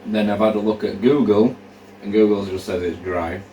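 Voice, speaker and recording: A deep-voiced man chats casually to camera, rambling and thinking aloud with lots of fillers. He sounds set back from the mic in an echoey room. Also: fairly even intonation, a little fast, mellow, distant mic, a little hiss or hum. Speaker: hiker vlogger. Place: indoors, room where he is drying socks under a fan.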